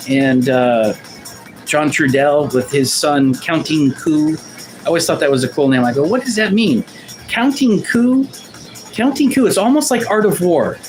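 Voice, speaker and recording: A man's voice: high-pitched, poor audio. A man from Portland hosting a livestream, chatting casually with viewers in a rambling, self-deprecating way, often restarting his sentences. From Portland, Oregon, USA. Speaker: livestream host and artist.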